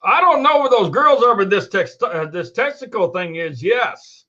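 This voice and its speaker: Giggling high-voiced man hosting a show. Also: lively intonation, moderate pace, bright, forceful tone. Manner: laughs constantly, giggly and loose. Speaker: host. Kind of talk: casual call-in show chat. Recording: dull lo-fi recording.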